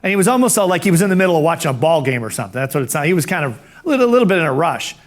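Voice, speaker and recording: High-voiced man telling an animated story. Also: very fast. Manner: animated, acts out dialogue, self-amused. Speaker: professional speaker. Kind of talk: personal storytelling.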